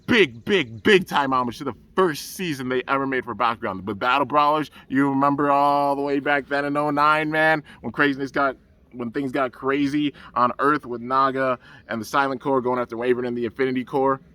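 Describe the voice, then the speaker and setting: A man excitedly reviewing a cartoon episode outdoors under the trees, rambling and enthusiastic and often saying "man". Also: medium pitch, a little fast. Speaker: anime reviewer.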